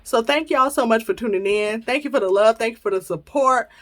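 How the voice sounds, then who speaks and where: A woman's high-leaning voice moves fairly quickly as she hosts her podcast and tells a personal story. Casual and animated, she laughs often and reenacts her own lines for listeners.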